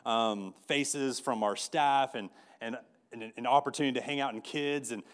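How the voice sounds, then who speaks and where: A man's voice: medium pitch, normal speed, clear, resonant tone. A man preaching a sermon in a conversational way, often restarting and repeating words as he tells a story. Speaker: pastor.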